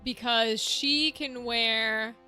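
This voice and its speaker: A woman's voice: on the high side, steady tone, drawn-out words, sharp tone. A young woman streaming a video game, chatting casually with viewers and thinking aloud as she sorts gear. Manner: chatty, thinks aloud while managing equipment. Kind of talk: casual gameplay chat with viewers. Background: game music.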